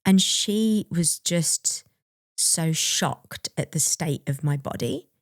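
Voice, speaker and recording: A woman's voice: low-pitched, slow, no room sound, clean studio sound. A young adult woman co-hosting a podcast, candidly and reflectively telling a personal story and laughing now and then. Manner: open, reflective, laughs while recalling. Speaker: podcast co-host.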